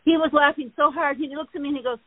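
A woman hosting a casual chat, telling rambling, animated stories. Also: high voice, rapid-fire, dry recording. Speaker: host. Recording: tinny phone-like line.

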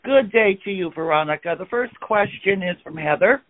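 Man with a lively voice on a phone line. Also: sits high, normal speed. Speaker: co-host reading listener questions. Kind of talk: casual call-in show.

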